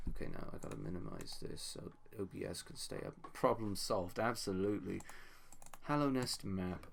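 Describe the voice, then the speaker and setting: A young man with a fairly low voice streams a game, rambling to himself and to his chat as he plays. Faint keyboard clicks sit behind his voice. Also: creaky, slight background noise. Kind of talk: live gameplay commentary.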